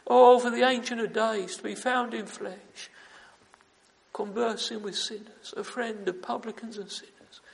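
Fervent high-voiced male preacher in a hall. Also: steady tone, a little slow, vocal fry. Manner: fervent, repetitive, with emphatic "oh" exclamations. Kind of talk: sermon. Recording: long reverb of a large hall.

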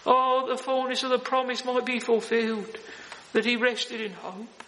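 A man's voice: very high voice, little pitch movement, normal speed, bright, forceful tone, long reverb tail, slight background noise, rough recording. A man preaching a sermon in a solemn, earnest manner, often calling out "oh" and "friends".

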